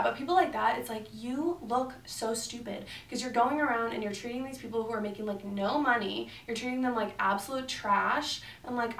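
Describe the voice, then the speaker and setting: A woman's voice: fairly high pitch, recorded from a distance, a little hiss or hum. A young woman telling a storytime vlog in a chatty way, swearing often and acting out what people said. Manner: chatty, swears a lot, animated retelling. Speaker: beauty vlogger. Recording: roomy echo, voice a bit off-mic.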